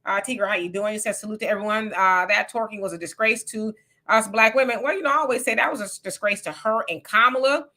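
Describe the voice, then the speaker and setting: A woman's voice: mid-range voice, fast talker, pushed and bright. A woman, casually co-hosting a livestream and reading viewer comments aloud with sassy asides.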